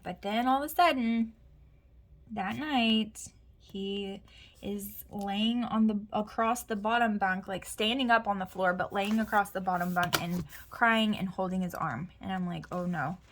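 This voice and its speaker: A woman's voice: medium pitch, unhurried, fairly bright tone. A woman, chatting casually while she plans, telling a rambling story full of asides and mutters to herself. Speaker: planner vlogger. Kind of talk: casual chat while planning. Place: home.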